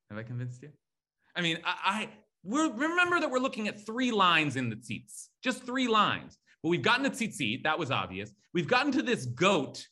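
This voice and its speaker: A Torah teacher with a fairly high, sharp-toned voice gives an animated lecture on scripture. He is emphatic and repeats key words, reading Hebrew terms aloud. He thinks out loud, using fillers and correcting himself as he goes.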